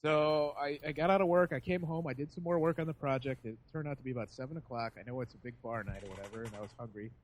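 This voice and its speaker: A man casually telling a story on a podcast, animated and laughing as he acts out the people in it. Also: mid-range voice, quick pace, few pauses, slight background noise. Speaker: podcast host.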